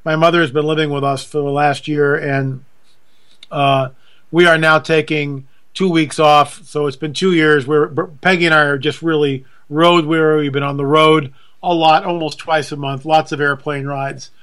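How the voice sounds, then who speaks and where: A man's voice: a little high, level tone, moderate pace, fairly bright tone, clear, resonant tone. A middle-aged man hosting a radio talk show, chatty and self-deprecating, in a folksy manner. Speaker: radio host.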